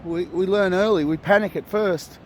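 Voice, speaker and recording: A laid-back Australian man rambles on a beach vlog, his voice sitting a little high, dropping casual swear words. He is recorded outdoors on a handheld phone, with faint outdoor noise and passing traffic behind him. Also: normal speed. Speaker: vlogger.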